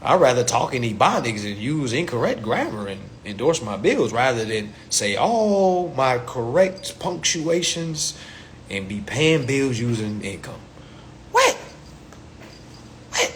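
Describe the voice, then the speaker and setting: A man's voice: mid-range voice, sing-song, measured pace, slight background noise. A man hosting a casual livestream rant, talking in loose, profane street slang and acting out little back-and-forth dialogues into his phone. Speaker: host of a livestream.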